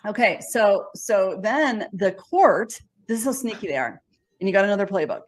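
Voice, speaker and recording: A woman's voice: medium pitch, lively intonation, normal speed. A woman lecturing in a rambling monologue, with frequent restarts and false starts. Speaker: speaker in a played video.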